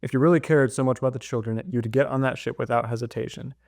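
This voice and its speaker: A man's voice: medium pitch, steady tone, fast, a little mellow, dry recording, studio quality, natural voice. A man reading a novel aloud, voicing a stern, blunt woman mission leader in his own plain voice with no accent. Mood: scornful.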